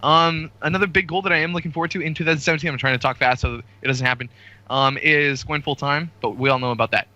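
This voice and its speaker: A man's voice: fairly high pitch, steady tone, fast, sharp tone, dry recording, poor audio. A man from the United States, a podcast guest, talking hesitantly with lots of fillers and self-corrections. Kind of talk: casual chat.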